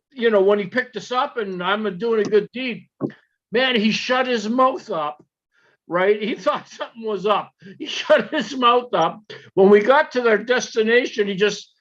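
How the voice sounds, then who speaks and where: A man's voice: high voice, fairly bright tone, lo-fi sound. A man telling a long, rambling, profane story to friends over beers, acting out the quoted voices. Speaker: show regular. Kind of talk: casual storytelling among friends.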